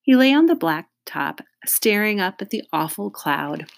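A woman reading a children's chapter book aloud in a steady storytelling manner, with friendly asides. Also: mid-range voice, a little slow, gravelly. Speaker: reader.

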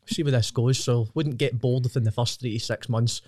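A man's voice: mid-range voice, fairly even intonation, brisk, warm tone, no room sound. A young adult man with a Scottish accent, a podcast guest speaking bluntly with dry, sweary humor. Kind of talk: casual chat.

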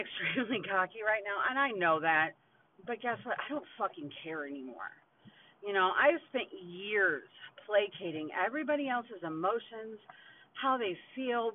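A woman's voice: medium pitch, animated, moderate pace, a little hiss or hum. A woman in her forties venting in a casual podcast monologue, blunt and heavily profane, with frequent laughs between lines. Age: 40s. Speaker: podcast host. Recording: tinny phone-like recording.

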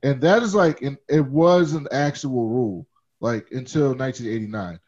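A talkative man co-hosting a movie podcast, wandering through his points and dropping casual swears. His voice sits at an ordinary pitch. The recording sounds dull and lo-fi. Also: moderate pace, a little mellow. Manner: chatty, digressive, swears casually. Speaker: podcast co-host.

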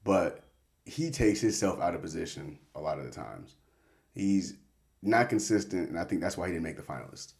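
A man's voice: sits low, animated, normal speed, creaky, darkish tone. A man hosting a casual sports talk show, laid-back and cursing freely as he gives his picks. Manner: laid-back, swears casually, self-interrupting. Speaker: podcast host.

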